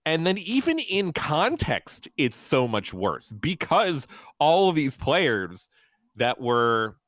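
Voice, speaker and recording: Lively-voiced man in a dry room. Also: a little high, no room sound. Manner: measured, explanatory. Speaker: guest commentator. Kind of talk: casual chat.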